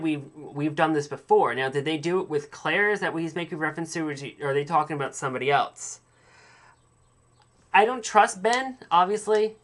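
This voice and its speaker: A man's voice: on the high side, a bit bright. Man, solo podcast host, casual episode recap, chatty, opinionated, rambling, frequent fillers.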